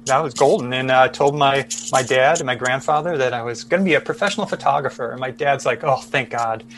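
Guy in his 50s, middle pitch, rambling along with lots of um and you know. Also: fast talker, a bit bright, a little hiss or hum. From Chicago, USA. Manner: rambling with many fillers and restarts. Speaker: podcast guest photojournalist. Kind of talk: casual storytelling interview.

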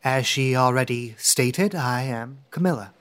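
A game player voicing a dignified, formal female champion trainer in a tabletop game, speaking in a measured, slightly weary way. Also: mid-range voice, fairly bright tone, lightly acted. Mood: composed.

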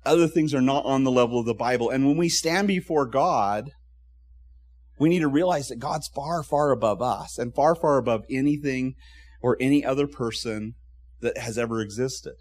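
A man's voice: medium pitch, normal speed, a little mellow. Man, middle-aged pastor, conversational sermon, mid-range voice, acts out quoted voices. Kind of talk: expository sermon.

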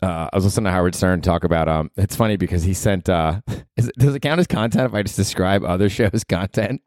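A man's voice: sits low, quick pace, a little mellow, no echo, studio quality. A man hosting a podcast in a loose, rambling comedic monologue, swearing freely and slipping into mocking voices for people he quotes. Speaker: podcast host.

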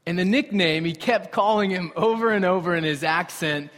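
A young man preaching a sermon with animated storytelling and conversational asides to the congregation. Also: sits high, moderate pace. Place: church sanctuary. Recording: reverberant hall.

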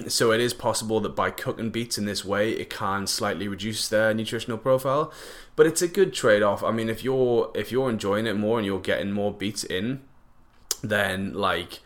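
A man's voice: fairly low pitch, normal speed. A young man, chatting casually and jokily to camera, rambling with lots of fillers and slang. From northeast England.

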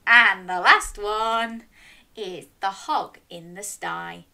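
A woman's voice: medium pitch, slow, creaky, sharp tone. A woman hosting a storytime for young children, reading a picture book aloud and coaxing listeners to join in with animal sounds.

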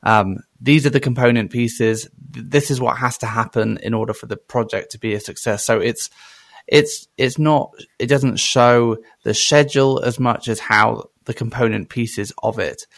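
A man with a gravelly voice hosts a casual podcast conversation, thinking aloud as he talks. His voice sounds dry and close, with no room around it. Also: mid-range voice, moderate pace, no room sound. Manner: musing, hesitant, thinking aloud. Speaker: podcast host.

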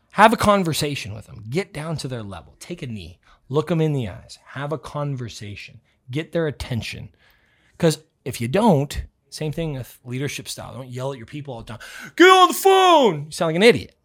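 A man hosting a motivational podcast, talking bluntly and loudly with some swearing, a self-described yeller. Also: medium pitch. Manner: blunt, profane and fired up. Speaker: podcast host.

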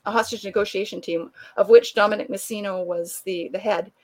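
A woman guest telling a long anecdote in conversation, animated and laughing often, acting out the people she quotes. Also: mid-range voice, brisk. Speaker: author and guest. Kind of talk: conversational storytelling.

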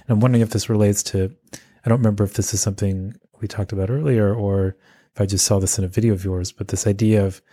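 A man's voice: fairly low pitch, steady tone, fast talker, mellow, no echo. A man hosting an interview, asking thoughtful questions and searching for his words as he talks. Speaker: podcast host.

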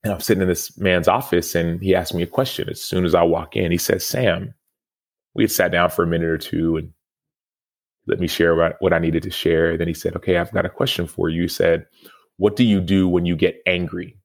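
With a notably low, steady voice and a slightly quick pace, a man in his thirties tells a personal story as a guest on a podcast. He used to play football, and his interview answer is earnest and reflective.

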